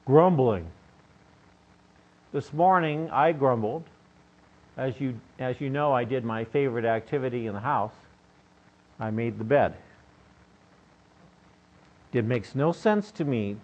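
A man's voice: medium pitch, slow, long pauses, a little mellow. An older man preaching a sermon in a conversational, joking way, often asking his listeners questions. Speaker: pastor. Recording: dull lo-fi recording.

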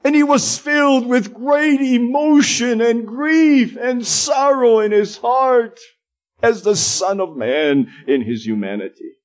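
A man preaching a sermon, slow and emphatic, drawing out stressed words. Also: extremely high pitch, expressive.

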